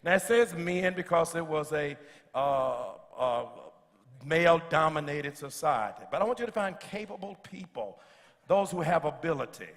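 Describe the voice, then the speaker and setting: A man preaching a sermon as pastor, calling out to the congregation and building to shouts, with touches of humor. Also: fairly high pitch, normal speed, in a large hall. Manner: slips in humor. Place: church sanctuary.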